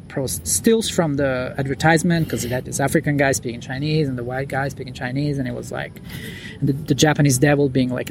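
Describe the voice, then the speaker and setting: A man's voice: medium pitch, darkish tone. Man, podcast guest, rambling casual talk, outdoors on a lawn at night, faint background noise. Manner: rambling, many fillers and restarts. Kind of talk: casual interview chat.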